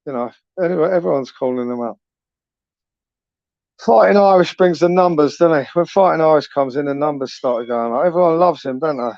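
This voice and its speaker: A man's voice: on the high side, brisk, creaky, no room sound. A man hosting a casual live stream, chatting in slang, tagging questions onto his sentences and reading out viewer comments. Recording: dull, lo-fi, dry.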